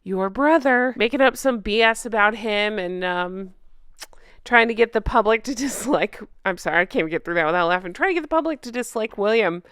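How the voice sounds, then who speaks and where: A woman's voice: mid-range voice, lively intonation, brisk, fairly bright tone, clear, resonant tone, no room sound, studio quality. A woman hosting a casual commentary vlog, sarcastic and gossipy, laughing often and reading articles aloud. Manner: reads news articles aloud. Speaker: royal commentary channel host.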